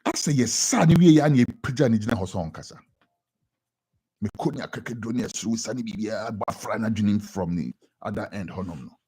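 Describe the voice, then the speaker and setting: A young Ghanaian man with a Ghanaian accent giving an animated editorial commentary on radio, often repeating words for emphasis. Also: fairly low pitch, a little fast, slightly rough.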